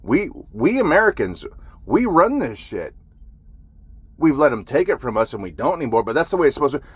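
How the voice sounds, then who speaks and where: A man's voice: medium pitch, very animated, a little fast, fairly bright tone, husky. A man who is a military veteran, telling a story in an agitated, profane ranting monologue.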